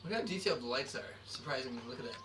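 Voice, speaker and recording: A man's voice: mid-range voice, noisy background. A young adult man, the son, chatting and joking casually alongside his father's gameplay. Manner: quick, animated, joking. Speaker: co-commentator, son. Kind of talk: casual chat over gameplay.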